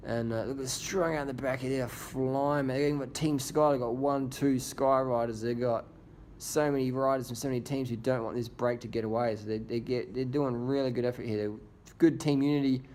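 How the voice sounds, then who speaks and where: A man's voice: mid-range voice, steady tone, brisk, a little mellow, slight background noise. Profane man commenting on race footage. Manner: crude, joking, profane banter. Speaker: video host.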